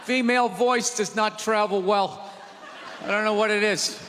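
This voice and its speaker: A man's voice: sits high, steady tone, normal speed, noisy background. A man in his forties doing a profane, exasperated stand-up rant on a big theater stage, with the audience laughing. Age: 40s. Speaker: stand-up comedian. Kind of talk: stand-up routine. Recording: live theater with long reverb.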